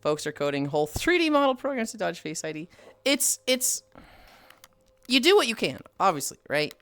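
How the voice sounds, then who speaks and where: A woman's voice: medium pitch, big pitch swings, normal speed, a bit bright, dry recording. A woman streaming live while on a walk, chatting bluntly with friends and reading chat aloud. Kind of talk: casual livestream chat while walking.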